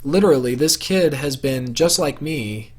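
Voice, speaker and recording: A man's voice: mid-range voice, lively intonation, measured pace. A young man telling a personal story to camera for his vlog in a casual, rambling way, full of fillers and restarts. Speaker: vlogger.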